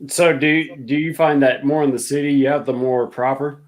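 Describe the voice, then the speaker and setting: A man's voice: medium pitch, steady tone, normal speed. A man from the middle of the United States in casual chat, laughing often and asking easy questions.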